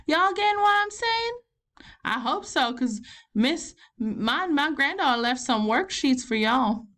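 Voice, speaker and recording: A woman's voice: sits high, very animated, unhurried, fairly bright tone, heavily acted. Woman playing a folksy southern grandma teacher. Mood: patient. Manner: folksy, encouraging, talks students through each step. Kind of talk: recorded math lesson.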